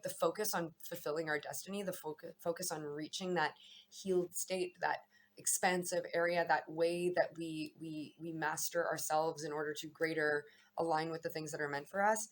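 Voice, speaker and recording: A woman with a low voice shares her daily astrology reading in a loose, unscripted way. She muses reflectively, wanders between thoughts and restarts her sentences as she goes. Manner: meandering, reflective, self-correcting. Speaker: astrology vlogger. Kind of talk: casual spiritual musing to camera.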